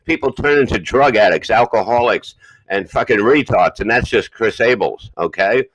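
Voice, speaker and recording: An older man who tells crude stories in a loud, swaggering way. His voice sits a little low, and the sound is dry and close to the mic. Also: lively intonation, normal speed, no room sound, low-quality recording. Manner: profane, boastful, loud storytelling. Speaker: podcast co-host. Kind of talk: crude comedic podcast banter.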